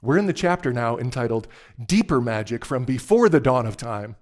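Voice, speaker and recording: A male preacher delivers a sermon. He retells a familiar story in a relaxed, conversational way, stopping now and then to ask his listeners whether they remember it. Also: medium pitch, moderate pace.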